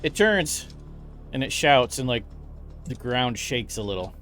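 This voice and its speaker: A man's voice: mid-range voice, lively intonation, moderate pace, fairly bright tone, soft background music. A man narrating as game master in a tabletop role-playing game, telling the scene in a vivid, casual way.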